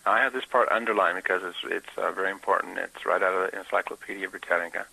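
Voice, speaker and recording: Male Bible teacher, informal talk, bright gravelly tone, pauses a lot to think. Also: deep voice, fairly even intonation, rough recording. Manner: explanatory, with frequent filler pauses.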